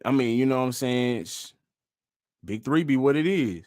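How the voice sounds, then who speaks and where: A man's voice: medium pitch, animated, normal speed, darkish tone, dry recording, clean studio sound. A man vlogging casually and reacting to clips, slangy and loose. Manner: laid-back, slangy and loose.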